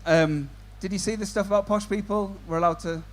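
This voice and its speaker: A man's voice: sits high, fairly even intonation, brisk, a little hiss or hum. A young man working as a comedy compere, doing crowd work at a live gig in a tent, chatty and self-mocking.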